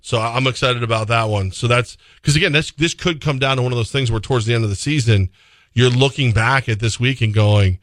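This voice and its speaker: A man's voice: medium pitch, a little fast, no echo. A man co-hosting a sports radio show, chatting casually and rambling through a live ad read, laughing easily. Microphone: studio microphone.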